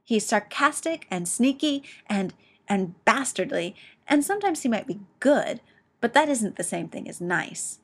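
A woman's voice: on the high side, big pitch swings, unhurried, full character voice. A woman voicing a brash, hot-tempered young man who talks back indignantly and bosses people around. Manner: indignant, bossy, shouting.

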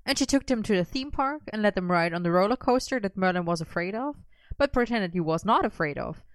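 A woman's voice: mid-range voice, expressive, a little fast, no echo. A woman reading a lighthearted story aloud with wry, comic timing. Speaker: narrator.

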